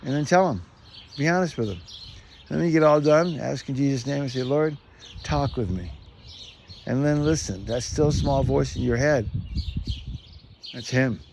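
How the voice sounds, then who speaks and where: A middle-aged man chatting outdoors in a rambling, earnest way, often chuckling as he goes. His voice sits at an ordinary pitch. Faint birdsong and ambient noise drift behind him. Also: normal speed, creaky, long pauses, darkish tone. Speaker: vlogger. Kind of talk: casual faith talk to camera. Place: outdoors among trees.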